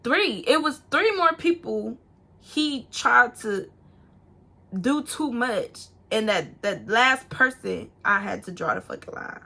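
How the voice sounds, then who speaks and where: A young woman casually telling a personal story to camera, animated and profane, acting out what people said. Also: fairly high pitch, takes it slowly, vocal fry. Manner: animated, swearing, acts out quotes in a raised voice. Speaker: storytime vlogger.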